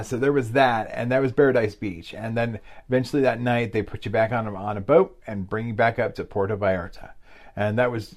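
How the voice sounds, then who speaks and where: A man's voice: mid-range voice, a little mellow. Rambling, candid man telling stories. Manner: rambling, full of fillers and asides. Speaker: podcast co-host. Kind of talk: casual storytelling chat.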